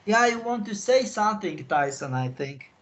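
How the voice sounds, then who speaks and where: High-voiced emotional man on a call. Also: sing-song, moderate pace, a bit bright. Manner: emotional, apologetic, repeats himself, non-native phrasing. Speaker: insider guest recounting missions.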